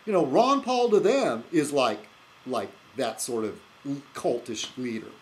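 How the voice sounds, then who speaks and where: Male vlogger, casual monologue, pitch swings a lot, fillers everywhere, faint hum behind. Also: unhurried, low-quality recording. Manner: rambling, full of fillers and restarts; animated, laughs at his own jokes. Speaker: video blogger.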